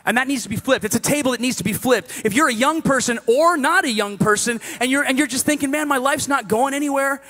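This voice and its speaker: High-voiced man preaching a lively sermon. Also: fast, few pauses. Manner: animated, conversational preaching that swings between loud exhortation and hushed asides.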